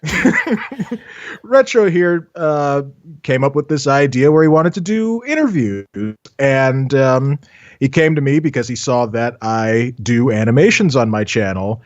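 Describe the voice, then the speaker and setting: A man's voice: mid-range voice, expressive, measured pace, dry recording, lo-fi sound. A man from Southern California, an animator and voice actor, chatting as an interview guest with a stammering, self-mocking manner. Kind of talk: casual interview chat.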